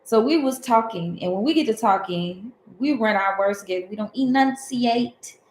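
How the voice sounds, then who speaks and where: A woman's voice: a little high, moderate pace, darkish tone, slight background noise. Southern woman from Alabama, rambling spiritual talk, echoey room. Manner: rambling, conversational, digressive. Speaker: tarot and spiritual host.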